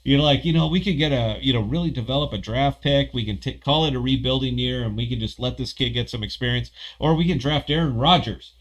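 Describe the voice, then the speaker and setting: A man hosting a casual livestream podcast, rambling, profane and excitable as he talks. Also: medium pitch, fairly quick, few pauses. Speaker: podcast host.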